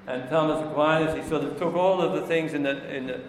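A man preaching a sermon in an earnest, emphatic way, slowing down to stress key words. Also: a little high, fairly even intonation, slight background noise. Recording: echoey hall with long reverb, faint ambience.

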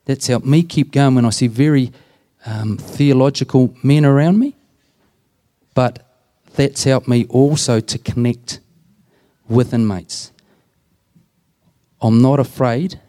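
This mid-range voice moves at a slow pace and sounds mellow. The speaker is a deacon and prison minister who, during an interview, tells stories in an earnest, plain-spoken way and performs the dialogue.

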